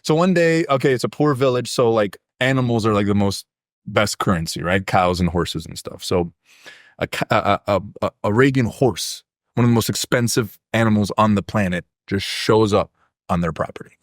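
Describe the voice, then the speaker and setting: A man's voice: on the low side, moderate pace, no echo, clean studio sound. A man with Polish as his first language, a podcast guest talking casually, a blunt, profane, rambling storyteller.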